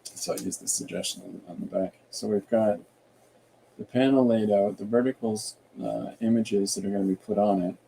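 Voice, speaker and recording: A man hosting an art podcast, thinking aloud in a relaxed, rambling way while he draws and reads viewer comments. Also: on the low side, normal speed, gravelly, slight background noise, low-quality recording. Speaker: artist and podcast host. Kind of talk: casual livestream chat while drawing.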